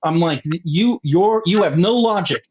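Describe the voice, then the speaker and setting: A man's voice: high-pitched, animated, unhurried, slightly rough. A man in a casual chat, ranting hotly and swearing freely. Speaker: guest. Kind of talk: casual conversation. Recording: dull lo-fi sound.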